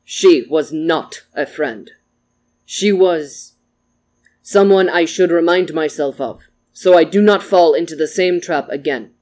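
A storyteller voicing a calm, mournful samurai man who speaks softly and formally. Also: medium pitch, close to an everyday voice. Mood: solemn. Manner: soft, formal, measured speech.

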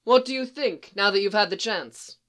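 A reader voicing a suave, amused male devil who owns a club, speaking in a smooth, teasing way, in an audiobook reading. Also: medium pitch, normal speed, fairly bright tone, natural voice.

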